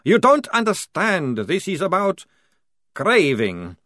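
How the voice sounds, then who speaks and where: A man plays a twitchy male vampire soldier in an audiobook, desperate for coffee. He whines and stretches his words, lifting his voice a little above his usual tone, with a lively rise and fall. The recording is dry and close. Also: high voice, slow pace, dry recording, pitched above the performer's own voice, full character voice. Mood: jittery. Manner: nervous, complaining, drawn out.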